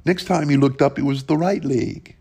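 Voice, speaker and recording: A man telling an old ghost folk tale in a plain, unhurried folksy way, with lively rises in his voice. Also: mid-range voice, vocal fry, breathy edge. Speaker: storyteller.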